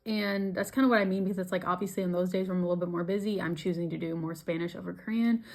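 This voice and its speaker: A woman's voice: on the low side, steady tone, rapid-fire, darkish tone. A woman in her twenties talking in a casual vlog, chatty and giggly, full of "like". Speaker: vlogger.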